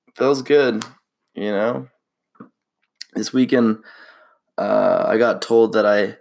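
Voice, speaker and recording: A man's voice: medium pitch, creaky. A young man hosting a casual solo podcast, rambling in a laid-back way with lots of slang and fillers. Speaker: podcast host.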